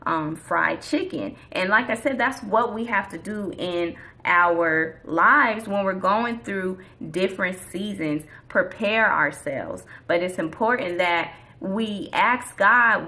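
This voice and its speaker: A woman's voice: mid-range voice, slow, hardly any pauses, sharp tone. A woman vlogger giving a casual faith talk in a chatty, slangy, preachy way.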